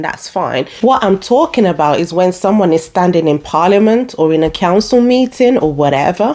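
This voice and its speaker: A woman's voice: on the low side, darkish tone. Blunt, opinionated woman. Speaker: video essayist. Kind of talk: opinion commentary to camera.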